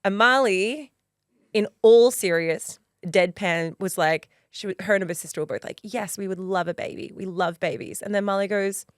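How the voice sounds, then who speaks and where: A woman's voice: mid-range voice, normal speed, clean tone, no room sound, clean studio sound. A woman in her thirties co-hosting a podcast in casual chat, playful and self-deprecating as she tells stories. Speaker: podcast co-host.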